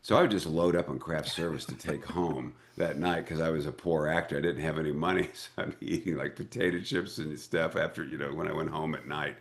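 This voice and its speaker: An older American man, an actor and director, telling lively anecdotes in an interview and acting out the voices in them. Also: rumbling low, fairly quick, few pauses. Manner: animated storyteller who acts out quoted voices. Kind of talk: casual interview storytelling.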